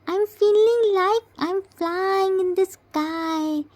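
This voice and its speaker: A woman's voice: extremely high pitch, slow pace, a little mellow. A woman voicing a shy, easily scared little boy who speaks in babyish phrases. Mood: sweet, childish.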